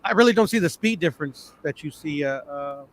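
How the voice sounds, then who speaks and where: A man in a casual chat, low-key, giving brief answers that trail off. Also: animated, quick pace.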